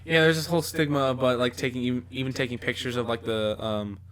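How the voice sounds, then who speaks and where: A man chatting casually on a podcast, tossing in quick offhand comments and jokes. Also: medium pitch, steady tone, a bit bright, clear, resonant tone. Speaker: podcast co-host. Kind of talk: casual chat.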